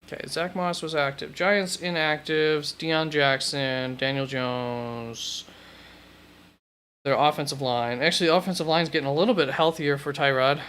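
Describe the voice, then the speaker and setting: A man with a fairly high, bright and forceful voice hosts a live stream from what sounds like a home studio. His tone is smooth and crisp as he chats casually and thinks aloud, often stopping to correct himself. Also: steady tone, normal speed. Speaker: fantasy football host. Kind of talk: live-stream chat answering questions.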